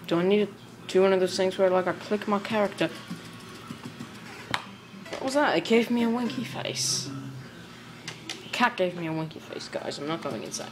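A young woman giving animated gameplay commentary, yelping and shrieking when she fails. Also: fairly low pitch, normal speed, pauses often. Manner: animated, yelps and shrieks at failures. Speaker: gamer. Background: game music.

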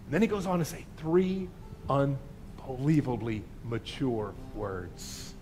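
A man who is a pastor, preaching an impassioned sermon in a church, swelling loud and dropping to soft asides. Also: medium pitch, animated, measured pace, a little hiss or hum. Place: church sanctuary.

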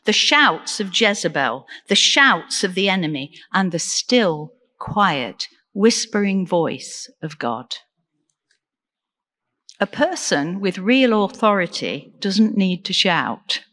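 Slow-speaking woman preacher in a reverberant church. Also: mid-range voice, sing-song, a bit bright. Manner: earnest, measured preaching with rhetorical questions. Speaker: deacon preaching. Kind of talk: sermon.

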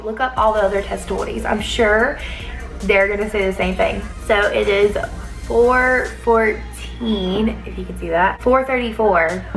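A young woman talking casually to camera at home as a vlogger, chatty and loose with lots of fillers. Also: medium pitch. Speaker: lifestyle vlogger reviewing a supplement.

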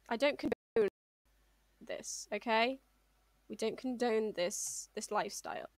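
A woman's voice: a little high, a little slow, long pauses, dry recording. Chatty woman streaming a game. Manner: playful, chatty, talks to game mobs affectionately. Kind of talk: casual gameplay streaming.

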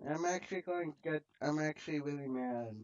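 A man's voice: fairly high pitch, brisk, dull audio. A man playing a game and commenting on it, frustrated and swearing at enemies, recorded on a laptop mic. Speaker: gamer. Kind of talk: gameplay commentary.

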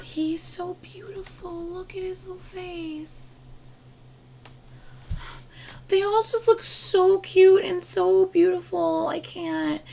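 A woman's voice: extremely high pitch, steady tone, slow, creaky, pauses often. A young woman hosting a reaction video, gushing with emotion and exclaiming often over what she watches. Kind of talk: casual reaction commentary. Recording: loud music video playing behind. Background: music.

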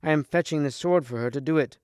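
A man's voice: on the high side, fast talker, a little mellow, smooth, no echo, studio quality, voice pushed up, close to an everyday voice. A man reading aloud as a frightened young lady's maid in a storybook, urgent and pleading.

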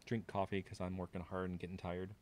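A man's voice: monotone, brisk, darkish tone, a little hiss or hum. A man streaming a farming game, chatting casually and thinking aloud to his viewers. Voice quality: low voice. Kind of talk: casual gameplay commentary.

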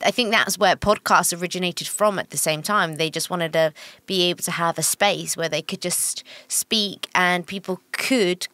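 A young woman co-hosting a casual podcast, chatty and self-mocking, with quick asides. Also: fairly low pitch, steady tone, bright, forceful tone, no room sound. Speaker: podcast co-host. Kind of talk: casual chat.

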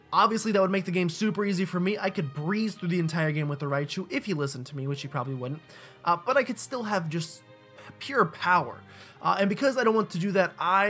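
A man's voice: on the high side, fairly bright tone. A young man casually commentating a video game, rambling and joking as he explains rules. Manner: rambling, joking, lots of fillers. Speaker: let's play gamer.

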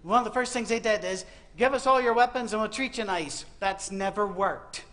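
Guy preaching a jokey sermon, high voice, does little voices for the people in the story, bit of background hiss. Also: moderate pace, bright, forceful tone. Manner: comic storytelling, acting out voices. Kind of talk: humorous sermon. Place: university auditorium.

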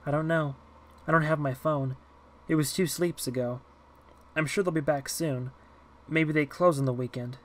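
A man's voice: a little high, steady tone, moderate pace, natural voice. A man doing a timid little girl. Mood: quiet. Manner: soft and hushed. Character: timid eight-year-old girl, soft-spoken.

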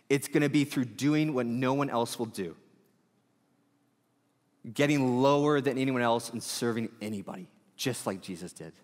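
A male pastor preaching a sermon in a conversational, storytelling way, full of quick asides. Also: mid-range voice, animated, in a large hall.

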